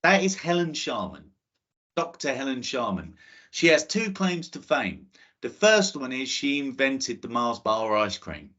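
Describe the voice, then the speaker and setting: A man's voice: mid-range voice, big pitch swings, unhurried, fairly bright tone, muffled recording. A man giving an enthusiastic, chatty online talk to students about space careers, often checking in with "okay?". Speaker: guest speaker on space careers.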